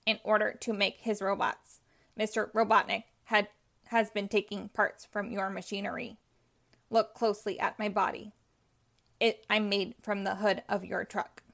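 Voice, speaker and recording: A woman's voice: mid-range voice, flat delivery, moderate pace, gravelly, fairly bright tone. A woman reading as a polite old tin-can robot. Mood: earnest, polite. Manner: polite, respectful speech. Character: clanky old toaster-headed robot, polite and timid.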